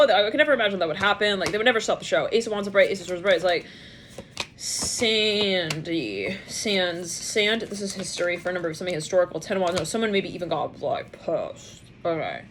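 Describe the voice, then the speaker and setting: A woman talks her way through a tarot spread in a casual, rambling voice at an ordinary pitch. She thinks aloud and slips into short playful imitations of the people she imagines. A faint background hiss runs under the voice. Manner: rambling, musing aloud with bursts of playful mimicry. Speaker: tarot reader. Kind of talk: casual intuitive tarot reading.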